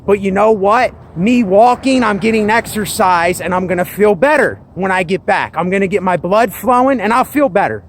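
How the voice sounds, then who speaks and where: A man's voice: sits high, moderate pace, few pauses, a little hiss or hum. A man talking earnestly and emphatically in a personal vlog, circling back to his points. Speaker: vlogger.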